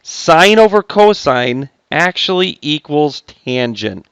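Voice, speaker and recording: In this recorded classroom lesson, a high school math teacher chats and jokes with his students between steps. His voice is a little high, clean and a bit bright, moving slowly with big pitch swings, and there's no room sound.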